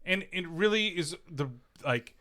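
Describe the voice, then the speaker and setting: A man's voice: high-pitched, animated, unhurried, bright, forceful tone. A man co-hosting a podcast, telling a profane, ranting story in casual chat. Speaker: podcast co-host.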